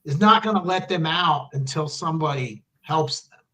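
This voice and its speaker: A man lays out mock-serious reasoning in a deadpan way during casual podcast chat. His voice sounds distant from the microphone. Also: on the high side, normal speed.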